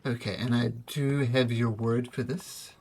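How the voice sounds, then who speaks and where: A man voicing Hendrik, a smooth-talking male merchant who keeps asking for favors and hedges about money. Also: mid-range voice, fairly even intonation, unhurried, a little mellow, a little hiss or hum, lightly acted. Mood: wheedling. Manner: wheedling, hedging.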